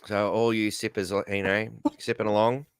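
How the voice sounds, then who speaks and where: A man's voice: fairly low pitch, little pitch movement, normal speed, slight background noise. An Australian man hosting a casual live stream, rambling, swearing freely and greeting viewers by name. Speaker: host.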